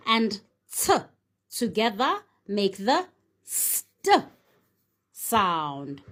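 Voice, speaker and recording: A woman's voice: medium pitch, animated, takes it slowly. A woman teaching a phonics lesson, sounding out each letter and then saying the whole word. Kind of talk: slow, deliberate phonics lesson.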